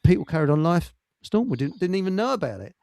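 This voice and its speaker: A man's voice: high-pitched, big pitch swings, quick pace, creaky, a little mellow. A man hosting a casual chat show, joking and rambling in a self-deprecating way. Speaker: host.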